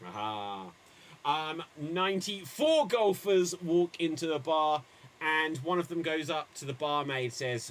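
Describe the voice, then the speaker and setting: A man hosting improv comedy with a slow, unhurried delivery and a slightly raised pitch. He calls on players and drops pun jokes with a dry pause, over a faint hiss of background noise. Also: animated, a bit bright. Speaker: improv game host.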